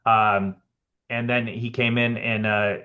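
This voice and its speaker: A man, a production designer guest on a podcast, telling animated anecdotes and acting out both sides of his conversations. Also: medium pitch, slow pace, dull audio. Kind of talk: casual storytelling interview.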